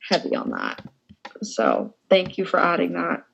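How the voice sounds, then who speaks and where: A young woman leads a casual panel discussion over a video call. She speaks in a relaxed way and adds brief affirmations before asking questions. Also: on the low side, measured pace, vocal fry, muffled recording, slight background noise. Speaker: discussion moderator. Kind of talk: moderating a panel.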